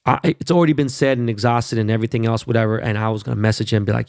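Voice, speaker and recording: A man's voice: medium pitch, fairly even intonation, rapid-fire, gravelly, darkish tone, dry recording, clean studio sound. A man hosting his own podcast, talking bluntly and profanely in a fired-up casual monologue, often tagging lines with "right?" and "okay?". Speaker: podcast host.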